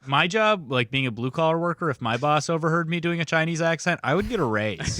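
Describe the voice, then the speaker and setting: Bright-voiced man riffing jokes. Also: a little high, lively intonation, fairly quick, few pauses. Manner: jokey riffing, laughs often. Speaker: podcast co-host. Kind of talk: casual podcast chat.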